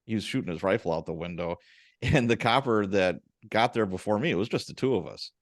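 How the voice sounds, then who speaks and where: A man hosting a podcast, telling stories from his police days in a casual, animated and profane way. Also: lowish voice, a little fast, no echo, clean studio sound. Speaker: podcast host, former police officer. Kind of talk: casual interview chat, storytelling.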